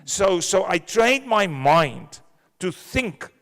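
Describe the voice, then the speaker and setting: A man at a conference sharing a personal testimony in an earnest, measured way. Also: high-pitched, very animated, fairly bright tone. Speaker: conference attendee. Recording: reverberant conference hall.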